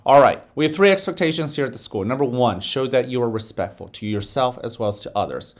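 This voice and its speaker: Man leading a calm, lively-voiced breathing exercise. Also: mid-range voice. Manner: slow, soothing guided-breathing instructions; upbeat, encouraging address to children. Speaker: elementary school principal. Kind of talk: morning announcements with guided breathing. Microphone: office microphone.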